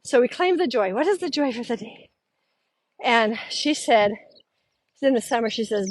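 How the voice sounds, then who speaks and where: A middle-aged woman hosting a show, telling a story in a lively, casual way and often acting out the voices of the people she quotes. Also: fairly high pitch, normal speed, pauses often, no room sound. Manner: animated, acts out quoted voices, laughs often. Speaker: podcast host.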